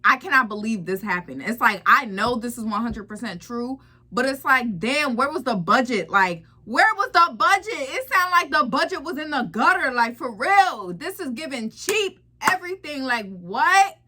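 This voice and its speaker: A woman's voice: high voice, lively intonation, normal speed, pushed and bright. A woman giving reaction commentary, incredulous and repeating herself as she talks it through. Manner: incredulous, repetitive, laughing asides.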